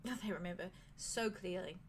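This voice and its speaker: A woman voicing a motherly innkeeper with a blended British and Southern accent, speaking softly. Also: on the low side, fairly quick, slight background noise, voice pushed down, lightly acted. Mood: gentle. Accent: mixed British and Southern put-on.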